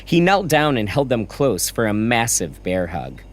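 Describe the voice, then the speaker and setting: Male narrator, lively, expressive storytelling delivery. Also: medium pitch, a little slow.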